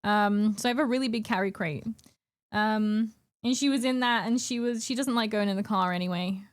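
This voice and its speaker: A woman's voice: medium pitch, a little fast. A young woman chatting casually with her stream viewers from home, giggly and chatty, greeting people by name and cooing baby talk to her cat. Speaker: live streamer.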